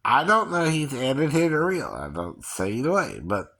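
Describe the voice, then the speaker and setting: A man's voice: medium pitch, sing-song, moderate pace, vocal fry, pushed and bright. A man from Georgia talking in a rambling casual monologue, chuckling often and tagging "right, right" onto his points.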